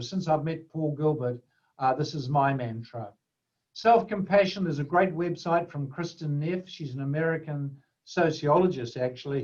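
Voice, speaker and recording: A man's voice: a little high, a little mellow. New man lecturing, lo-fi sound. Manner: conversational, many fillers and restarts. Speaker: webinar presenter, doctor. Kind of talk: webinar lecture. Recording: dull lo-fi webinar audio.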